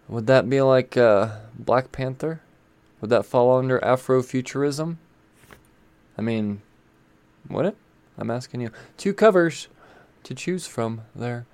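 A man's voice: medium pitch, very animated, a little slow, darkish tone, no room sound. A man hosting a casual, rambling commentary on new comics, chatty and irreverent, with swearing and asides. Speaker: comic book video host.

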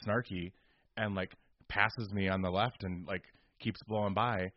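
A man's voice: low voice, fairly even intonation, a little slow, no room sound, lo-fi sound. A man co-hosting a podcast, telling a story in casual chat, exasperated and ranting. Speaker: podcast co-host.

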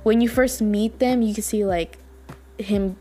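A woman's voice: medium pitch, steady tone, unhurried, dark tone, soft background music. A woman hosting a podcast, chatting casually and gushing, with lots of fillers. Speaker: podcast host. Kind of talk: casual chat.

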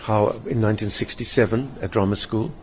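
A man's voice: on the low side, fairly quick, darkish tone, slight background noise. An older man with a South African accent, speaking as an interview guest and telling personal stories vividly, acting out the voices of people he quotes. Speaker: interview guest, stage performer. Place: hotel lounge.

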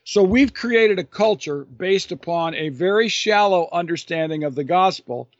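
Earnest man, slightly high voice. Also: animated, moderate pace, dry recording, dull audio. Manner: earnest, emphatic, with frequent restarts and repeated phrases. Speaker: author and Bible teacher answering a listener's question. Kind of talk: thoughtful unscripted explanation.

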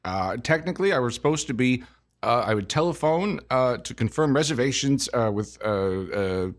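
A man playing an older fast-food founder in improvised comedy, deadpan and full of hesitant fillers. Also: mid-range voice, natural voice. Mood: deadpan recalling. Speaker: improv guest playing a businessman. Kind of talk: improvised comedy podcast chat.

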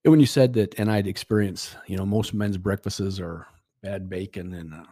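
Deep husky man telling a story. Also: fairly even intonation, normal speed, dark tone, no echo, clean studio sound. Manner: rambling, with many restarts and quoted dialogue. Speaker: podcast guest. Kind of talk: casual storytelling.

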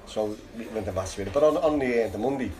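A man's voice: on the low side, expressive, fast talker, background noise. A man with a Liverpool accent telling a long rambling story, laughing and restarting as he goes. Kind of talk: casual anecdote. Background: crowd chatter.

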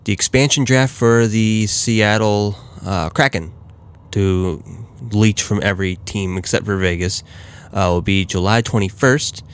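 A man's voice: fairly low pitch, unhurried, slight background noise. A man hosting a casual solo hockey talk, rambling with many fillers and restarts. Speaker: hockey podcast host.

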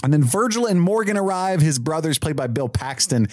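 A man co-hosting a podcast, chatting casually about a movie with animated jokes and quoted lines. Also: a little high, a little fast, dry recording, studio quality. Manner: animated, joking, quotes lines in put-on voices. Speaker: podcast co-host. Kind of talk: casual movie review chat.

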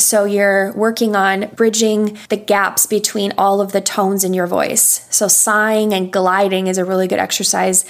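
Calm, patient woman voice coach. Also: medium pitch. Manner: patient, explanatory, with demonstrations. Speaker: voice coach and session singer. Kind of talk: instructional interview answers.

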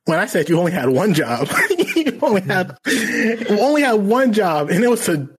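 Co-host with a husky, lively voice, playful and teasing. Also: mid-range voice, normal speed. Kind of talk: casual live-stream chat.

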